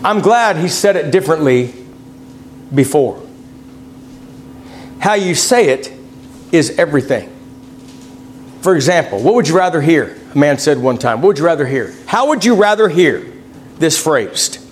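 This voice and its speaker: Folksy high-voiced preaching man. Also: lively intonation, normal speed, long pauses, slight background noise. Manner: folksy, reads scripture aloud, pitch swings widely between points. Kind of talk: sermon.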